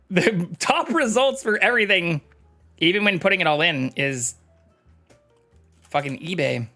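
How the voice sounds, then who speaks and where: A man's voice: high-pitched, expressive, takes it slowly, pauses often, bright, forceful tone, soft background music. A man chatting casually on a live stream, reading chat aloud and swearing freely. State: talking with mouth full.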